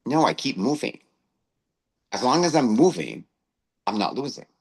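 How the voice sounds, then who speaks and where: A man's voice: mid-range voice, big pitch swings, moderate pace, slightly rough, poor audio. A male co-host telling a personal story in casual chat, often tagging phrases with "right?". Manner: anecdotal, tags phrases with "right?".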